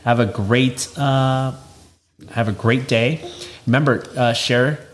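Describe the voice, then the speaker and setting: A man's voice: medium pitch, takes it slowly, slight background noise. A man co-hosting a late-night couples podcast, talking casually with fillers, sounding tired. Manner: relaxed, fillers, repeats catchphrase. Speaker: podcast co-host. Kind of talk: casual chat.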